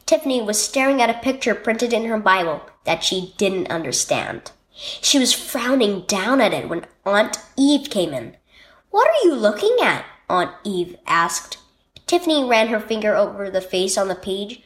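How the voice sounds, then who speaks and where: A woman reading a children's devotional story aloud in a gentle, expressive storytelling way. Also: medium pitch, normal speed. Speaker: devotional reader.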